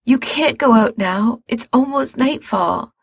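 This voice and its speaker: A hoarse, shaky young man, sick with fever and frightened, begging someone not to go, as a woman reads him in a story. The voice is gravelly and husky, with no room sound around it. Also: on the high side, unhurried, no echo, studio quality, voice pushed up, full character voice. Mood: pleading. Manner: pleading, strained and shaky.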